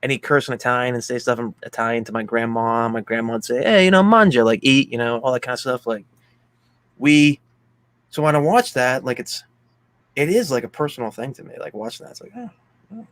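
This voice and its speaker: A man's voice: medium pitch, brisk, a bit bright, no echo. A man from Pennsylvania co-hosting a casual movie chat, rambling through a heartfelt story with many fillers. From Pennsylvania, USA. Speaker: podcast co-host.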